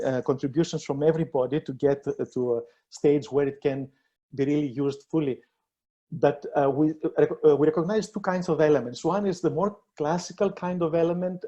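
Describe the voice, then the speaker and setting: Guy giving a talk in an online debate, kinda high voice, mellow, stops and restarts a lot. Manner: earnest, halting, many fillers and restarts. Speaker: panelist presenting a proposal.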